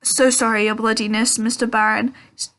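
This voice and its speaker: A woman reading aloud, voicing a sly male poltergeist who flatters in an oily, wheedling way. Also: fairly high pitch, normal speed. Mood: fawning. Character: sly mischievous male poltergeist, greasy and fawning.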